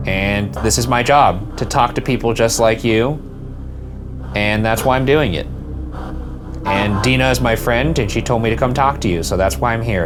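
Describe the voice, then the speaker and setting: A man investigating a house on a ghost hunt, calling out to spirits in the empty rooms and reacting nervously. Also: medium pitch. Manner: jittery, talks to the empty room, startled outbursts. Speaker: co-host, paranormal investigator. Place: inside a family house.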